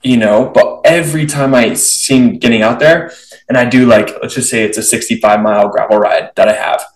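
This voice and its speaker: A young man hosting a podcast, animated and chatty, acting out his own thoughts. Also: mid-range voice, brisk. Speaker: podcast host. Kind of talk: casual conversational interview. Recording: roomy, distant from the mic.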